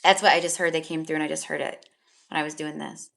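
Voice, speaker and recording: Gravelly-voiced woman doing live tarot readings. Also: low-pitched, steady tone, fast, very noisy. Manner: soothing, affectionate and chatty, with many fillers. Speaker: tarot reader. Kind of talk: live psychic reading stream.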